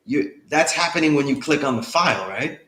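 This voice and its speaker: A man's slightly high, expressive voice delivers an online lecture briskly, with a bright, forceful tone and reverberant sound. His approach is loose and conversational, and he keeps checking in with students by asking "you know what I mean?"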